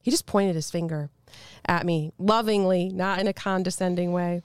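A middle-aged woman with a low-pitched voice tells a personal story in an interview. She is animated, and she acts out the voices of the people in it. The sound is close and dry, with no room echo. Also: normal speed, clean tone. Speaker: congressional candidate. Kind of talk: telling a personal faith story.

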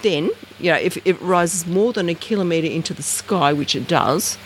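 Animated Australian storyteller. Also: normal speed, slight background noise. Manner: animated, rambling, acts out dialogue with big pitch jumps. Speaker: interviewee, researcher. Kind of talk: casual storytelling.

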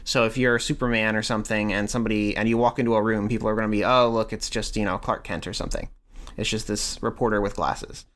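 A man running a tabletop game, explaining the rules in a halting, searching way. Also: on the low side, fairly even intonation, fairly bright tone. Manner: halting, restarts while explaining. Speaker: game master.

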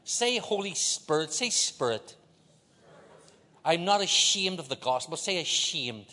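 Joking preacher in a big reverberant hall. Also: male voice, a little high, sing-song, measured pace, bright, forceful tone. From Ireland. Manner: joking, leads the crowd in call-and-response. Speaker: guest preacher. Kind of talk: sermon. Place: large church.

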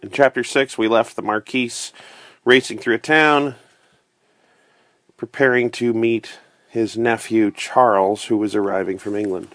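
Calm man reading a bedtime story. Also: lowish voice, a little slow, no room sound.

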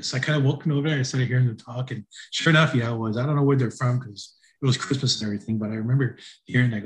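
A man's voice: medium pitch, very fast, hardly any pauses. Man telling a story in casual talk. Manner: storytelling, relaxed and chuckling. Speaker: podcast guest. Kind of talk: casual conversation.

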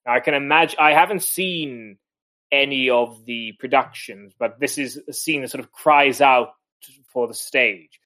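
A man's voice: medium pitch, normal speed, bright, forceful tone. A man co-hosting a podcast in a casual literary discussion, rambling with many restarts and chuckles. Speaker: podcast co-host.

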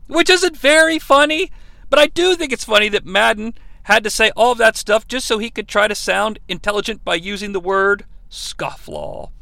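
A man's voice: high-pitched, expressive, moderate pace, gravelly, bright, forceful tone, no room sound. A man hosting a podcast, giving a sarcastic, irreverent comedic recap with some swearing. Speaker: podcast host.

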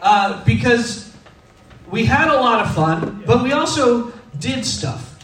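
A man's voice: very high-pitched, animated, slow, fairly bright tone, slight background noise. A man in his thirties from Texas, preaching in a casual, humorous, self-deprecating storytelling style. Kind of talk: conversational sermon storytelling. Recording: echoey room, distant mic.

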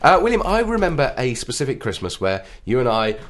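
A man's voice: medium pitch, sing-song, brisk, a bit bright. A man co-hosting a podcast in casual comic chat, speaking in a mock-formal way to listeners. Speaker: podcast co-host.

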